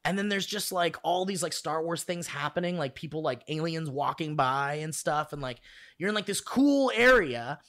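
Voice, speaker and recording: Guy rambling on a casual podcast, kinda high voice, says like a lot. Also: animated, moderate pace, fairly bright tone. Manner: rambling, many "like" fillers, laughing often. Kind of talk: casual chat.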